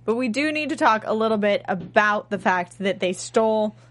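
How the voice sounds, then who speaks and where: A woman co-hosting a casual show about a TV series, lively and opinionated as she talks through her theories. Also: mid-range voice, normal speed, no echo. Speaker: podcast co-host discussing a TV series. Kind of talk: casual chat.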